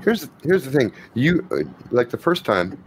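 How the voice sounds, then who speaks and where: A man narrating a tabletop game as game master, explaining rules and scenes in a relaxed, rambling way. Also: medium pitch, measured pace, slight background noise, poor audio.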